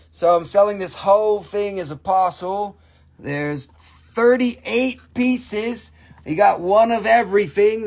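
Gravelly man hamming up a crystal sale. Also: high-pitched. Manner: crude, playful, prone to silly voices and jokes. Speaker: host selling crystals on a live stream. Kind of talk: joking live sales pitch.

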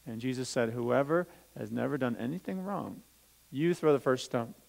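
A man with a gravelly voice pitched in the middle range leads a children's talk in a church. He reads a scripture passage aloud and stops to explain hard words simply for the kids. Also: normal speed, a little mellow, rough recording. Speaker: pastor. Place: church sanctuary.

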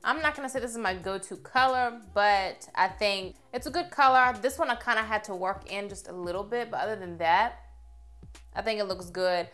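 A young woman reviewing makeup on camera in a chatty, expressive way, gushing over what she tries. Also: medium pitch, normal speed. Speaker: beauty vlogger.

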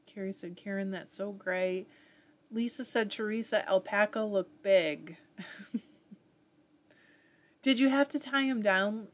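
A woman's voice: mid-range voice, measured pace, pauses often. A woman with a Southern US accent hosting a live fiber arts stream, chatting casually and reading viewer comments aloud with frequent laughs.

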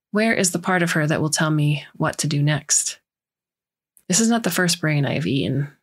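Woman, story narrator, low pitch, measured scripted reading. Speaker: story reader.

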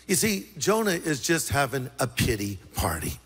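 Guy pastor joking his way through a sermon, big church echo, bright tone. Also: mid-range voice, normal speed, few pauses. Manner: lively, joking preacher.

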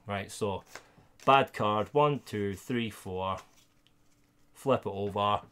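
A Scottish streamer with a lowish, clear, resonant voice speaks at a slow pace while opening trading card packs live. He talks casually with viewers and becomes loud and excited over good pulls.

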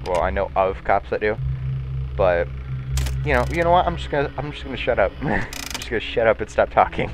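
A man's voice: lowish voice, lively intonation, a little fast, noisy background. A man hosting a gaming video, rambling and joking to himself through let's-play commentary. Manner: rambling, jokey self-talk.

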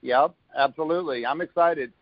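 A man's voice: fairly high pitch, normal speed, no echo. A man giving a rambling, upbeat testimonial on a phone call, with many restarts. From Florida. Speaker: caller giving a product testimonial.

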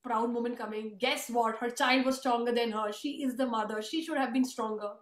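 A woman's voice: on the high side, steady tone, brisk. A woman telling an emotional family story in earnest, conversational tones during an interview. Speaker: host and author. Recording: roomy echo.

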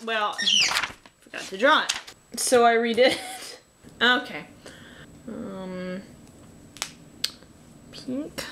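Against a noisy background, a young woman from Canada with a mid-range voice and Canadian accent hosts a drawing tutorial. She talks casually and sarcastically while drawing, muttering self-mocking asides under her breath.

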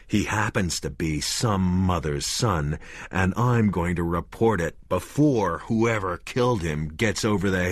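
A man's voice: deep voice, breathy edge, no echo, clean studio sound, exaggerated voice. A man voicing a grim, stubborn husband. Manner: blunt, forceful.

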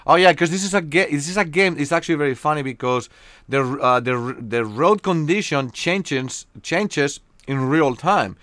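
Joking with his viewers during a live game stream, a young man from Spain talks casually in a Spanish accent, often pausing on fillers. His voice sits a little high and is expressive, with a fairly bright tone and no echo.

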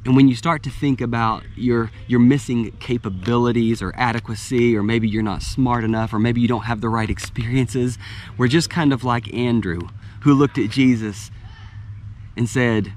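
A man's voice: mid-range voice, fairly even intonation, moderate pace, a little mellow, a little hiss or hum. A middle-aged man, preaching a sermon as a pastor in a conversational way, restarting phrases and laughing lightly.

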